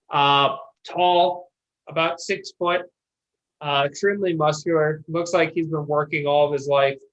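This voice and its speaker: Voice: mid-range voice, fairly bright tone. Gm narrating a tabletop game, lots of uhs, muffled lo-fi sound. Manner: halting, lots of uh and restarts. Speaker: game master. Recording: dull lo-fi audio.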